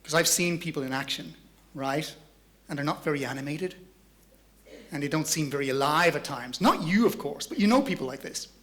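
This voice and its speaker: A man's voice: fairly high pitch, a little fast, a bit bright. A man giving a playful, chatty motivational talk on stage to a large audience. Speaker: motivational speaker.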